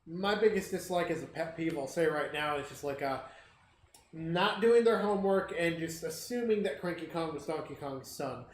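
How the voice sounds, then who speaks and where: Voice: mid-range voice, expressive, moderate pace, slight background noise. A stream co-host chatting casually about a movie, rambling with many fillers. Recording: echoey room.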